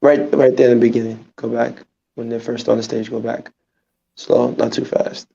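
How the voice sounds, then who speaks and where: A man hosting a podcast in casual chat, giving quick, playful instructions in a gravelly, husky voice. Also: mid-range voice, level tone, mellow. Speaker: podcast host. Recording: dull lo-fi audio.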